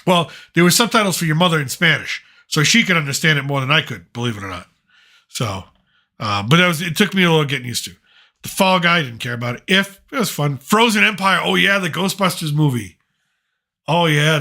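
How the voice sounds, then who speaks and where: A man's voice: on the high side, animated, brisk, pushed and bright. A middle-aged man hosting a casual chat, rambling and opinionated with plenty of fillers. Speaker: podcast host, father.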